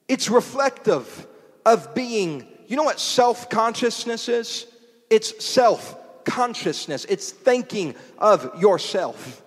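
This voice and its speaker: Male preacher, high voice, rhythmic repeated lines rising to shouts, long hall reverb. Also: expressive, slow. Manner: rhythmic repetition building to shouts. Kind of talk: sermon. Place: portable church.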